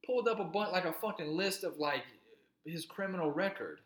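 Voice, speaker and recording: A man's voice: sits high, a little fast, a bit bright, reverberant. A man co-hosting a podcast, telling a long story in casual chat, cursing and rambling. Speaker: podcast co-host.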